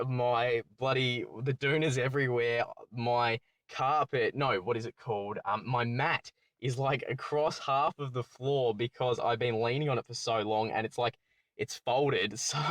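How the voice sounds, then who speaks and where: A man's voice: medium pitch, dry recording. Rambling young guy telling a story. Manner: rambling, self-correcting, excitable storyteller. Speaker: channel host. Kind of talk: storytime commentary.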